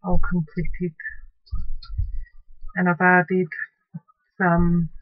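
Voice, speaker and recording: A woman's voice: lowish voice, monotone, extremely slow, dry recording, narrow, tinny audio. A woman hosting a casual craft tutorial, chatting in a homely way as she shows and describes her finished piece.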